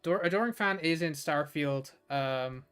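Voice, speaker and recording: A man's voice: on the high side, unhurried, fairly bright tone, smooth, soft background music. A man from Ireland streaming a game, chatting casually and rambling with lots of fillers. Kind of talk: casual gameplay commentary.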